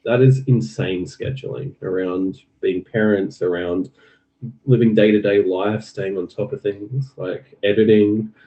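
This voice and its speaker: A man's voice: fairly low pitch, steady tone, unhurried, warm tone, lo-fi sound. A man chatting easily as a guest, often laughing. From Australia. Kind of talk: casual chat.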